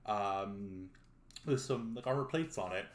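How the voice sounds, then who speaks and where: A man's voice: on the low side, a little slow. A man narrating as game master, with lots of likes and ums as he describes the scene. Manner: loose, filler-heavy narration. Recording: roomy echo.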